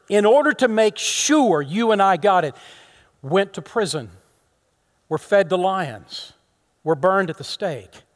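A middle-aged man preaching a sermon to his congregation, swinging from loud, impassioned rises to soft, near-whispered asides. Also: fairly high pitch. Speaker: pastor.

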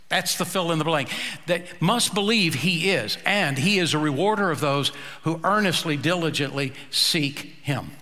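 A male pastor preaching a sermon, slow and emphatic, with dramatic pauses. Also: fairly high pitch, expressive, pushed and bright, in a large hall.

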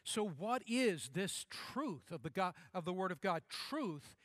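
A man pastor delivering a sermon, emphatic, repeating key phrases and slowing down to stress them. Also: high-pitched, big pitch swings, fairly bright tone, no echo, clean studio sound.

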